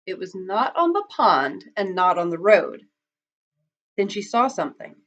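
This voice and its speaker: A woman reads a children's picture book aloud in an expressive, dramatic storyteller's manner. Her pitch swoops in animated arcs. The recording sounds dull and lo-fi. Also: measured pace.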